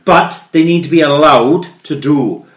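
Blunt sweary podcast host. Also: male voice, on the high side, measured pace. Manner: blunt, sweary, signs off the show. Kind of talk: casual football chat. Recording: echoey room.

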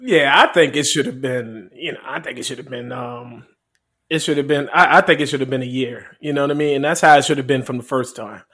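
A man's voice: mid-range voice, brisk, pushed and bright, breathy edge. A man co-hosting a casual sports podcast, talking in hyped, repetitive slang. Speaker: podcast co-host.

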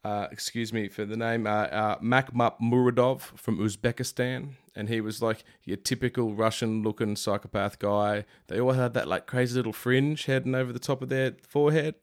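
A man giving a comedic, rambling recap of fight night, full of joking asides and cheeky slang. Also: lowish voice. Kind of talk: comedic sports recap monologue.

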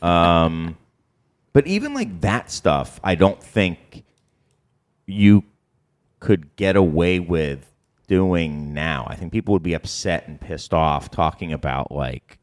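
A man with a very low voice hosts a relaxed podcast conversation about an old film. He rambles, laughs a lot and retells scenes with quick quoted lines. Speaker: podcast host. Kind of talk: casual movie chat.

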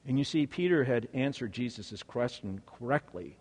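A man's voice: medium pitch, lively intonation, normal speed, breathy edge. List: man, sermon, dramatic storytelling, long hall reverb. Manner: dramatic storytelling, swings from hushed to emphatic. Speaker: preacher.

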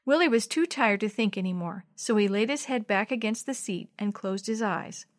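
Lady reading a kids chapter book out loud, gentle, bumps her voice up for the kid lines. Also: medium pitch, expressive, normal speed. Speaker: storybook reader. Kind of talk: scripted narration of a children's chapter book.

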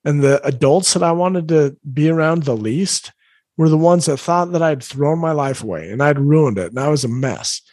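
Middle-aged man, parenting coach, earnest and encouraging, slightly higher voice, husky, dry close sound. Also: normal speed, darkish tone, no echo. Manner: earnest, encouraging, acts out his own inner thoughts. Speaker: parenting coach, former school principal. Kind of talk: motivational talk to parents.

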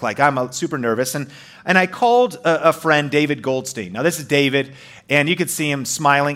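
A man telling his own story to an audience in an animated, emphatic way, full of fillers and restarts. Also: a little high.

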